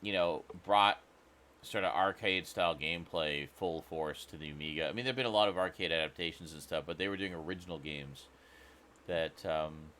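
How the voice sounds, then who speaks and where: Man, very deep voice, bright edge, relaxed chat, casual swearing. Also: a little fast. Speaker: stream co-host.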